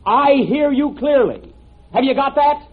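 A man's voice: very high-pitched, lively intonation, measured pace. A man playing a pompous inventor whose public demonstration keeps going wrong, talking in an exasperated, oratorical way in 1930s radio comedy style. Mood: insistent. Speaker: comedy show host. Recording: tinny 1930s radio broadcast, live audience.

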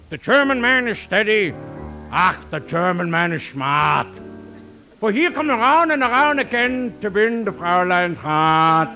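A man singing a cheeky novelty song with a high, lilting tenor in a 1940s radio comedy. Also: bright, forceful tone, full character voice, poor audio. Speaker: singer. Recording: old radio broadcast with music.

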